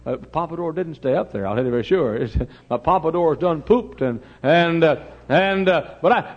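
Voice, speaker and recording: A middle-aged man with a Texan accent, preaching a folksy, humorous storytelling sermon that swings from loud to hushed. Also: a little high, animated, normal speed, vocal fry, hardly any pauses, highs cut off.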